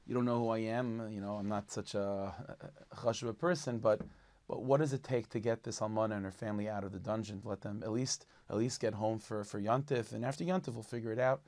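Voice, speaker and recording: A man's voice: fairly low pitch, fairly even intonation, fairly quick, darkish tone, slight background noise, natural voice. A man voicing a humble, pious man who earnestly pleads for a jailed widow. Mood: pleading.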